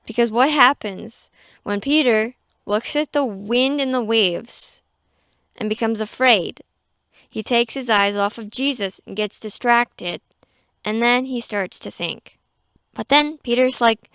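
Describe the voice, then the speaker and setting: A woman's voice: a little high, measured pace, pushed and bright, clear, resonant tone, no room sound, studio quality. A woman hosting a devotional podcast, reading scripture aloud and then retelling it in a chatty, playful way. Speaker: podcast host.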